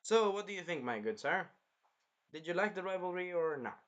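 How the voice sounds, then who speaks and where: A man's voice: sits high, moderate pace, lo-fi sound. Rambling man reviewing an anime. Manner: rambling and animated, swears freely. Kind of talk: casual chat.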